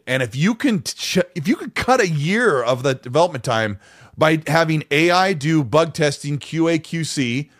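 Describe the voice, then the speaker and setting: A man co-hosting a casual podcast, telling stories in an animated, rambling way with many restarts. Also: a little high. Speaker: podcast co-host.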